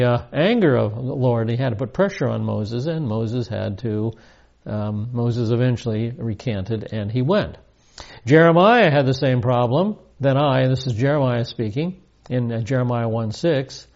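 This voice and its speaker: A man's voice: mid-range voice, measured pace, gravelly, a little mellow, lo-fi sound. A man giving a verse-by-verse Bible teaching, emphatic and repeating key points with rising stress.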